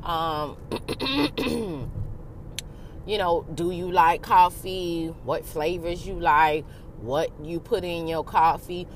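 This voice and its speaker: A woman's voice: lowish voice, slow, slight background noise. A woman vlogging self-help advice in a casual, frank and profane way, acting out both sides of a talk with herself. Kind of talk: casual motivational monologue.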